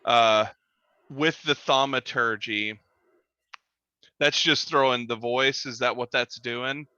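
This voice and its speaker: A man's voice: medium pitch, fairly even intonation, slow, bright, forceful tone, clean tone, no room sound, lo-fi sound. A man running a tabletop game as dungeon master, rambling and correcting himself as he describes scenes. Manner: rambling, self-correcting, laughs easily.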